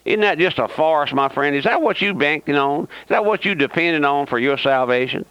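A man's voice: fairly high pitch, expressive, fairly quick, a bit bright, smooth, no echo. A man preaching a radio sermon, fervent and folksy, repeating himself and firing rhetorical questions at his listeners with a sarcastic edge. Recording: dry, muffled lo-fi radio recording.

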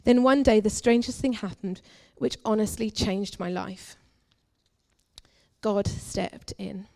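Young woman preaching in church, earnest and confessional, goes loud then hushed. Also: mid-range voice, takes it slowly, gravelly. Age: young adult. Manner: earnest, confessional, swings between forceful and hushed. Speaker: guest preacher. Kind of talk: personal testimony sermon.

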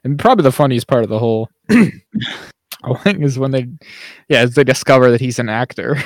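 A man co-hosting a podcast, chatting casually at a middling pitch. He laughs often and hops up into a higher voice whenever he quotes characters. The sound is dry and close to the mic. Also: normal speed, no echo. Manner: laughs often, acts out quoted lines in a raised voice. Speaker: podcast co-host. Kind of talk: casual chat.

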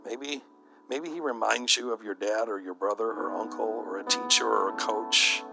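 A man's voice: on the low side, moderate pace, vocal fry, over music, rough recording. A middle-aged man, a bishop, preaching to church leaders in a conversational, storytelling way.

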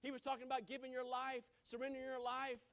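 A man preaching a sermon from a church pulpit, impassioned, swinging from shouted climaxes to hushed, quiet lines. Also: extremely high pitch, completely flat delivery, quick pace.

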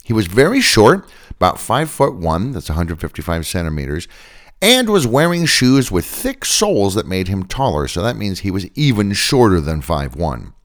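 Male podcast storyteller: low voice, wildly varied intonation, wry asides. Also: big pitch swings, normal speed. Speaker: podcast host. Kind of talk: scripted podcast narration.

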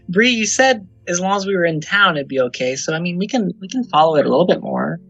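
A player in a tabletop role-playing game speaking gently and hesitantly. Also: mid-range voice, animated, fairly quick, gravelly, husky, no room sound, soft background music. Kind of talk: casual tabletop play. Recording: dull lo-fi sound.

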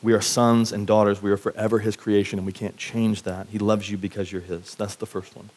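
A man's voice: fairly low pitch, little pitch movement, a little fast, darkish tone. A man preaching a conversational sermon at a church service, earnest and casual, often saying "like" and restarting his sentences as he tells personal stories. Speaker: pastor preaching.

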